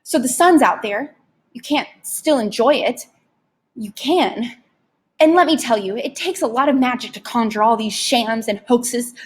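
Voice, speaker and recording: A woman's voice: a little high, measured pace, slightly rough. A woman voicing a sly, pushy male tempter in an audiobook, coaxing like a salesman. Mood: wheedling. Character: sly fast-talking male tempter, wheedling and cocky.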